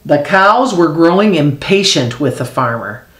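A woman's voice: low voice, animated, measured pace, a bit bright, slight background noise. A woman reading a children's picture book aloud expressively, voicing animal sound effects. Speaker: storyteller. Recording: echoey room.

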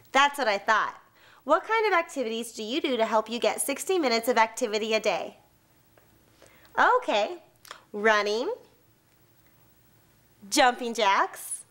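A woman's voice: a little high, fairly bright tone. A woman cheerleader presenting to a school, asking students questions and leading a cheer. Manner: slow, upbeat, leads call-and-response cheers.

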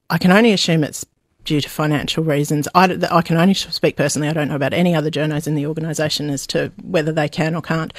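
A middle-aged Australian woman journalist speaking frankly in a radio interview, animated and hesitant with fillers. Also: low-pitched, dry recording, clean studio sound. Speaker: journalist guest.

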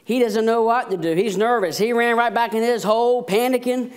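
A man's voice: extremely high pitch, a little fast. A man, an associate pastor, preaching a sermon and telling a story with jokes. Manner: storytelling, animated, self-deprecating jokes.

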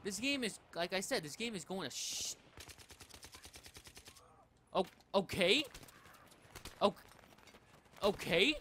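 A foul-mouthed young man narrates his own shooter match, high-pitched and bright, his voice leaping all over the place as he curses. He drawls his words slowly even when he's furious. Faint gunfire sits behind him. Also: slight background noise. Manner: foul-mouthed, ranting, yelling in frustration. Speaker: gameplay commentator. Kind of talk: live gaming commentary.

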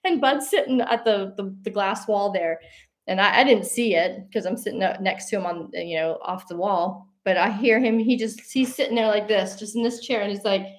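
A woman hosts a talk show in a loose, unscripted monologue. She speaks earnestly and rambles, often restarting her sentences and leaning on fillers. When she tells stories she grows animated and slips into laughter. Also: mid-range voice, moderate pace. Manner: animated when telling a story, breaking into laughs.

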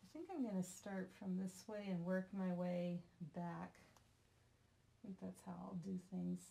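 A woman's voice: lowish voice, fairly even intonation, a little slow, gravelly, dark tone. A woman from Vermont talking casually while demonstrating a craft project, chatty and self-deprecating, joking with someone off camera. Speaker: craft tutorial host.

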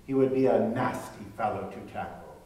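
A man voicing a secretive, high-strung male scholar of antiquities who muses in a guarded, lecturing way, recorded in an echoey room from far off. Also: moderate pace, warm tone, natural voice. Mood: musing.

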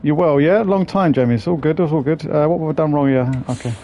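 A man chats and swears his way through a live game stream, cracking jokes to his viewers. His voice sits a bit high but has a mellow, dark tone. Faint engine hum plays underneath. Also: fast. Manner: sweary, jokey banter with chat. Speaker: gaming streamer. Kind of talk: live gameplay commentary.

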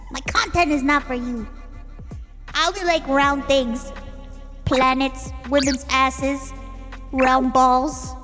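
A young adult woman streaming reactions to videos, talking loudly with lots of exclamations, swearing and laughter. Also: high voice, slow pace, long pauses, soft background music. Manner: loud, exclamatory, profane, laughing.

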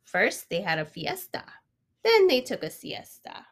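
A woman reading a children's picture book aloud, expressive, sometimes stopping to ask the listening child a question. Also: medium pitch, measured pace, a little hiss or hum. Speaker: storyteller. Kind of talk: children's storybook read-aloud.

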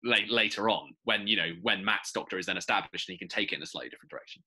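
Bright, quick-talking male podcast co-host. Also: deep voice, husky. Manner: quick, bright and animated, musing aloud. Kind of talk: casual chat.

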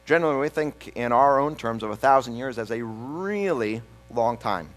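A man pastor reading a psalm aloud and then preaching a sermon, slowing down and pausing for emphasis. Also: mid-range voice, expressive, soft background music, poor audio. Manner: reads scripture then preaches with slow, emphatic pauses.

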